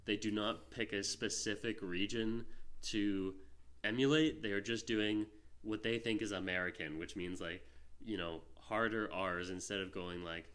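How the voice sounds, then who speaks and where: A man's voice: fairly low pitch, fairly even intonation, moderate pace, a bit bright, clear, resonant tone. A man co-hosting a casual film-review podcast, talking in a rambling way with lots of fillers and restarts. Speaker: podcast co-host.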